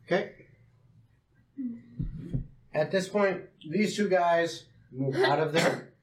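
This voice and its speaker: High-voiced man running a tabletop game. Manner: casual, halting narration with restarts. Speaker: game master. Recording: echoey room, faint noise.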